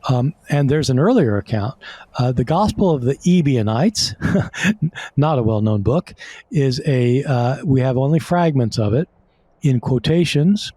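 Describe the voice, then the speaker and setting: A man's voice: medium pitch, expressive, measured pace, warm tone, no echo. A man explaining as a guest scholar in an interview, conversational, with many fillers and restarts.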